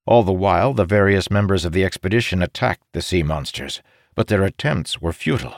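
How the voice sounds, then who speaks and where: Gravelly man narrating a fantasy audiobook. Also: deep voice, fairly quick, no echo, clean studio sound. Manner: expressive, dramatic storytelling.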